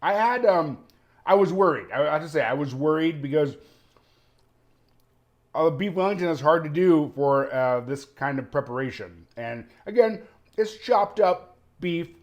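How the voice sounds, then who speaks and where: Man host, casual food-review vlogger, slightly higher voice, chatty and enthusiastic. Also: expressive, measured pace. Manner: chatty, enthusiastic, tasting on camera.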